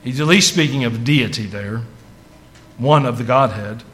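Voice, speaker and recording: There's a little hiss or hum as a man preaches to his congregation. The pastor speaks at a moderate pace in a medium-pitched, fairly bright voice, moving from a conversational tone to fervent emphasis on scripture.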